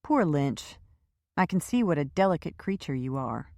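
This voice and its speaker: A woman's voice: low-pitched, very animated, moderate pace, vocal fry, mellow, no echo, clean studio sound, heavily acted. A woman voicing a determined woman questioning a captive in an audiobook, direct and pressing.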